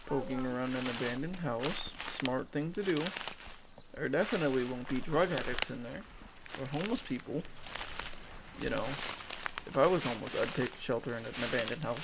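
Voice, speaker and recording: A man's voice: mid-range voice, moderate pace, heavy background noise. A tired man giving casual, sarcastic and profane reaction commentary, rambling as he goes. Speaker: YouTuber reacting to videos.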